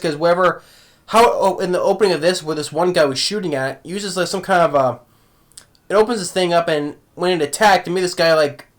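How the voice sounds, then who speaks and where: Rambling man reviewing an anime. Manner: rambling, many restarts, voice jumps up when excited and trails off low. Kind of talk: casual spoken review.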